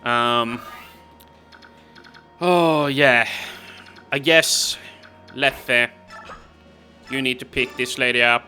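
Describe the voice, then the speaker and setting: A man giving casual let's-play commentary, chatty and talking to himself as he plays. His voice is bright and forceful. Faint game music runs in the background. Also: mid-range voice, fairly even intonation, drawn-out words, pauses often. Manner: casual, exasperated, talks to himself. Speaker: gaming video host.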